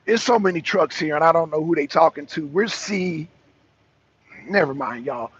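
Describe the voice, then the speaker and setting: A man's voice: a little high, normal speed, fairly bright tone, breathy edge. A man hosting a casual political talk show, speaking emphatically with a caller, repeating himself and restarting sentences often. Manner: emphatic and repetitive, with frequent restarts. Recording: dull lo-fi sound.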